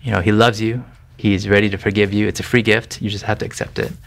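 Speaking quickly in a lowish, gravelly, slightly bright voice with a level tone, an interview guest from a Thai family background tells his faith testimony. He's earnest and conversational, with frequent restarts and "you know."

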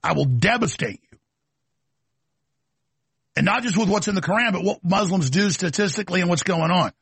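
Raspy, combative male talk host. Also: high-pitched, expressive, normal speed, a bit bright, no room sound. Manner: aggressive, ranting, mocking. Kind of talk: combative talk show monologue.

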